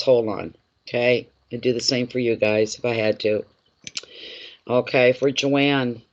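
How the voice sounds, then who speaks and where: A man's voice: mid-range voice, muffled recording. Man doing a live tarot reading. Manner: repeats phrases, speaks directly to viewers by name. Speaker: tarot reader.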